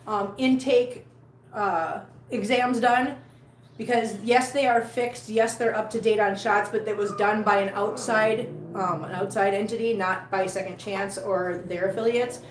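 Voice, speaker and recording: A woman's voice: mid-range voice, fairly even intonation, unhurried, reverberant, slight background noise, rough recording. A woman chatting casually on a live stream from home, laughing often and cooing at her cats. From Missouri, USA. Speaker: cat vlogger.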